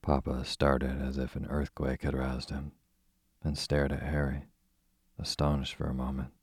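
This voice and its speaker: A man narrating a classic storybook in a steady, measured reading voice with a husky tone. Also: extremely low pitch, no room sound, clean studio sound. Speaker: audiobook narrator.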